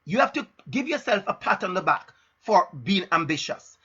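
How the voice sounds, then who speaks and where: A man delivering an emphatic, frank motivational talk, driving home each point through repetition. His voice is bright and a little husky. The stream audio is dull and lo-fi. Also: high voice, very animated, normal speed. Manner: emphatic, repeats phrases for stress; frank and direct. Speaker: motivational speaker.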